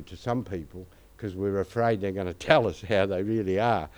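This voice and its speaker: A man's voice: fairly low pitch, normal speed, hardly any pauses, a little mellow. An older Australian man giving a conversational sermon, with anecdotes and asides to the congregation. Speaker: pastor.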